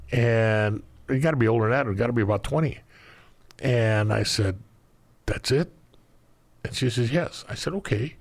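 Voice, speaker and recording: Middle-aged man, gravelly, blunt profane storyteller, casual podcast chat. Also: medium pitch. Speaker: podcast guest.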